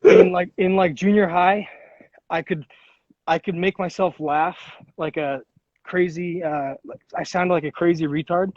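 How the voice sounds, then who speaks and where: Young male podcast host, high pitch, storytelling and cursing, lo-fi sound. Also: fairly even intonation, measured pace, darkish tone, no echo. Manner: swearing, storytelling, acts out quoted voices. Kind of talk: casual chat. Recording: dull lo-fi sound.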